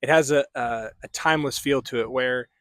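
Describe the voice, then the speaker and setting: A man's voice: mid-range voice, brisk, a bit bright, dry recording, studio quality. A young man from the middle of the United States, rambling through a casual book review at home with many fillers and restarts. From central United States.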